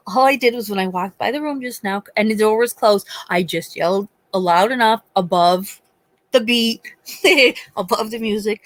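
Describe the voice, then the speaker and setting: A woman's voice: on the high side, expressive, moderate pace, dry recording. A woman in her forties chatting casually on a live stream, telling stories as a mother and acting out the voices of the people she quotes. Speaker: livestream host.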